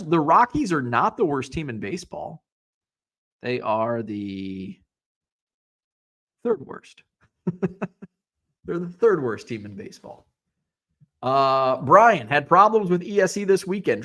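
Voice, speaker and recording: A man from Illinois hosts a relaxed live stream, his voice sitting a little high for a man. He works through viewer comments one by one, reading each aloud and tossing back a wry remark. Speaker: host of a sports card hobby show. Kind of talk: casual live-stream chat.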